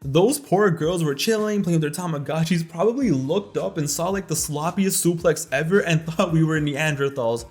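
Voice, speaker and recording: A man's voice: a little high, normal speed, hardly any pauses, darkish tone. A young man telling a funny story from his childhood in a casual, slangy way, often laughing as he talks.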